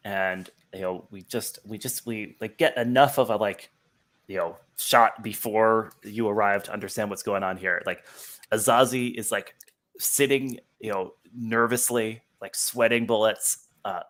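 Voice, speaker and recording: A man with a slightly low voice narrates a tabletop game over a video call. He rambles, piling on fillers as he sets each scene. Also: fairly bright tone. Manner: rambling, heavy with fillers like "like" and "you know". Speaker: game master.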